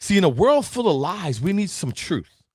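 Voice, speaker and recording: A man's voice: sits high, big pitch swings, normal speed, husky, no room sound, clean studio sound. A man giving a live-streamed motivational talk, emphatic and preachy, often asking "right?" and greeting viewers by name. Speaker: motivational speaker.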